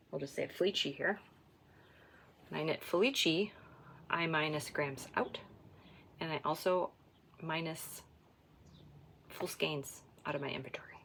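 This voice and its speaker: A woman hosting a knitting podcast, chatting casually and self-deprecatingly, often trailing off into soft asides. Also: fairly low pitch, a little hiss or hum. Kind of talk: casual stash-tracking chat.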